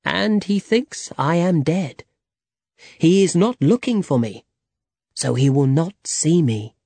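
A calm, stern older mentor, voiced by a storybook narrator gives his instructions in a level, measured way. He speaks slowly, and the sound is dry and close. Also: mid-range voice, gravelly, slightly rough, no echo, exaggerated voice. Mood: reassuring.

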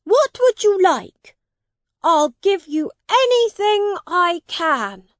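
Woman reader voicing a regal young boy prince: high, loud, haughty, slow and deliberate, close dry read. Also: very animated, no room sound, exaggerated voice. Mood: imperious. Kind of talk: storybook reading.

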